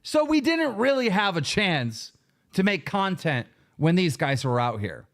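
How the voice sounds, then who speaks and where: A man hosting a show, ranting angrily with heavy swearing and sudden shouted bursts. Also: high voice, very animated, a little slow. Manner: profane, heated, bursts into shouting. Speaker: show host. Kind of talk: angry livestream rant.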